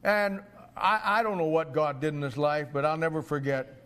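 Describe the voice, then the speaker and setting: An older man preaching a sermon, swinging from quiet storytelling to loud shouted climaxes. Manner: rises to shouting climaxes, drops low for storytelling.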